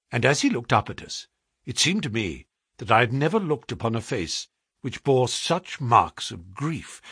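A man reads a story aloud with an expressive, measured delivery. His voice is husky and ranges widely in pitch. The recording is dry and close. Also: no echo. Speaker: audiobook narrator. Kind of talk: storybook narration.

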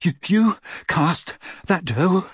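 Man doing a teenage boy wizard, high strained voice, sheepish, husky edge, dry audiobook sound. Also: animated, takes it slowly, no echo, exaggerated voice. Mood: awkward.

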